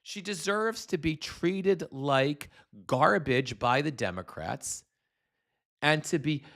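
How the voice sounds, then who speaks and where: A man's voice: on the high side, animated, takes it slowly, vocal fry, a bit bright. Profane, stammering angry male commentator. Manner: profane, stammering, incensed ranting. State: congested with postnasal drip. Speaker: political commentator streaming a hearing.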